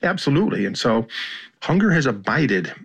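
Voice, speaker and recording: A man's voice: mid-range voice, very animated, normal speed, vocal fry, slightly rough. An American man, a journalist guest, speaking reflectively in an interview with frequent restarts. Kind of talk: interview conversation.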